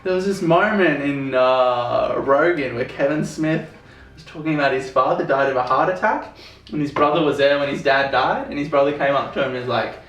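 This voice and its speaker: A man's voice: mid-range voice, moderate pace, a bit bright, recorded from a distance. A young man co-hosting a casual review podcast, rambling and laughing and swearing freely. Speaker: podcast co-host. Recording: roomy, off-mic.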